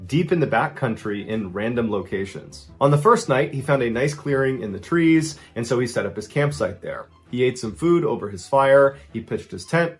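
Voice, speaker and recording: A man narrating a true story with suspense, dropping low and quiet and then rising at tense moments. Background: faint background music.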